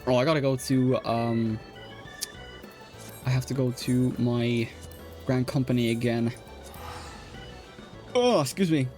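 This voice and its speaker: A man's voice: medium pitch, takes it slowly, long pauses, a little mellow, faint music behind. A young man with an Irish accent chatting casually while streaming a game, rambling with lots of fillers, restarts and laughs. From Ireland. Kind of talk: casual chat while gaming.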